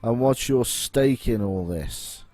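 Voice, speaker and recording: A composed adventurer heroine, delivered in a low, flat and deliberate voice, as a man reads her lines. The pace is slow, and faint game music sits underneath. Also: no room sound. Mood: calm. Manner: deep, flat, deliberate reading. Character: calm female adventurer, player hero.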